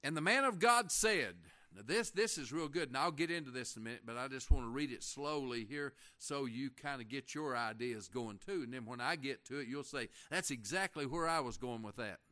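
A man preaching a folksy sermon, reading scripture slowly and asking the congregation questions. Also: mid-range voice, bright, forceful tone. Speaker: pastor.

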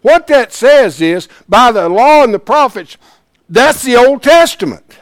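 A man teaching a Bible class in a folksy, plain-spoken way, swinging from hushed asides to loud emphasis. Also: very high-pitched, expressive, measured pace, no room sound, clean studio sound.

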